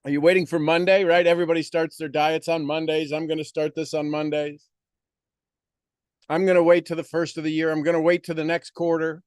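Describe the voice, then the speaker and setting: A man's voice: on the high side, level tone, brisk, smooth, dry recording, studio quality. A man giving a motivational monologue on a live stream, preaching with repeated rhetorical questions.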